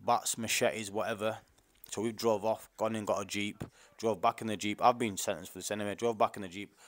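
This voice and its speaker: A young adult man, talking straight to listeners in an indignant, rambling rant full of street slang and repeated words. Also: lowish voice. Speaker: podcast host. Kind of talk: casual monologue.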